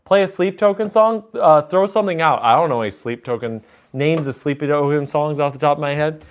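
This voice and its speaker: A man's voice: a little high, fairly quick, smooth. Chatty man streaming at the piano. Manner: chatty, reads chat aloud, jokey asides. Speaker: livestreaming pianist taking requests. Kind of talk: casual live-stream chat. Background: piano music.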